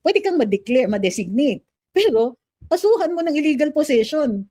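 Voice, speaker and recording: A woman's voice: high voice, very animated, brisk, dark tone, no room sound. A middle-aged Filipino woman lawyer giving opinionated political commentary with a Filipino accent, switching between Filipino and English. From Philippines.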